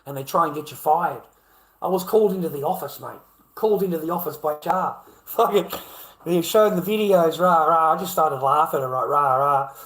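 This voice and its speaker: A man's voice: fairly high pitch, fairly quick, sharp tone, reverberant, rough recording. A middle-aged Australian man ranting casually to his viewers, swearing heavily and rambling from point to point. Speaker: video creator. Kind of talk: casual rant to camera.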